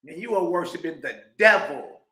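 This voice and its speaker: A man hosting a reaction video, talking loudly and excitedly, laughing often and dropping preacher-style asides. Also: a little high, moderate pace, reverberant. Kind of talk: animated commentary reacting to a clip.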